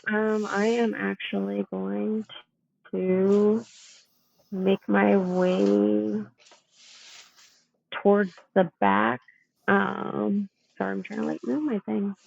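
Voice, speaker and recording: A woman taking her turn in a tabletop game, speaking hesitantly with lots of pauses. Her voice is deeply gravelly and flat, almost monotone. It comes through a dull, lo-fi mic in a dry space. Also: dry recording. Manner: hesitant, many "um"s. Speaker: player. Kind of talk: casual tabletop play.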